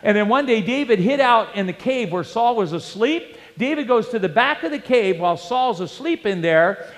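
A male pastor preaching a sermon, animated and storytelling, with rhetorical questions to the congregation. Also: sits high. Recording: long hall reverb.

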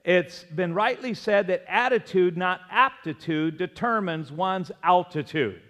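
A man's voice: high voice, unhurried, fairly bright tone. A male pastor preaching a sermon, emphatic and prompting the congregation to repeat after him. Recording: long hall reverb.

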